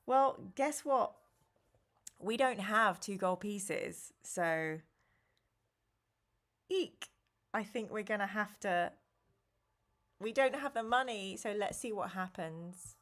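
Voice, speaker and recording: A woman's voice: medium pitch, slow pace, long pauses, a bit bright. A woman hosting a live stream, reading an interactive gamebook aloud and reacting animatedly to chat and choices.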